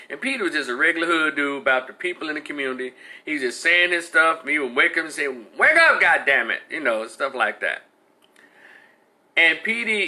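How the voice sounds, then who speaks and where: Brief: exasperated male commentator, blunt and profane, sharp and bright sound. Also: fairly high pitch. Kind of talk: heated opinion rant.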